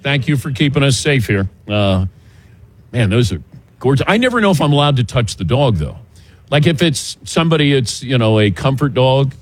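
A man hosting a sports talk show, a chatty, animated storyteller who chuckles often. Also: medium pitch, moderate pace, slightly rough. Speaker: radio show host. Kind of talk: casual sports talk chat.

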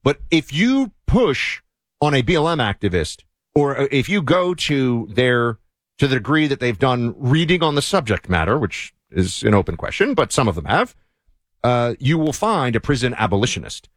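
A man's voice: medium pitch, very animated, normal speed, no echo, clean studio sound. A man hosting a talk show, giving sardonic, opinionated commentary that rambles with frequent restarts.

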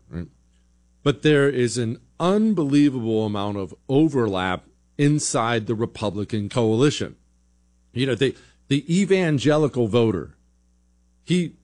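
A man's voice: medium pitch, a little mellow. A man hosting a political talk show, giving blunt, sarcastic opinion commentary in a conversational way.

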